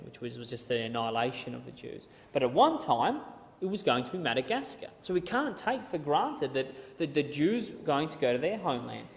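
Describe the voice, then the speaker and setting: A man of middle pitch giving a casual Bible lecture, talking loosely with frequent restarts and repeated words. His voice rings through a hall with a long reverb. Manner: conversational, repeats words and restarts, reads quotes aloud. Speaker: Bible talk speaker.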